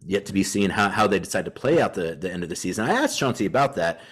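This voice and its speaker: A man's voice: low-pitched, animated, fast talker, fairly bright tone, slightly rough. A man co-hosting a sports podcast in casual chat, walking through player stats in long run-on thoughts. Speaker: podcast co-host.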